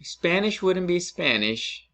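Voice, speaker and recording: A man's voice: sits high, sing-song, slow pace, pushed and bright. A man teaching a recorded Spanish lesson, explaining step by step and often checking in with his students. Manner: patient, explains step by step, checks in with "right?" and "okay?".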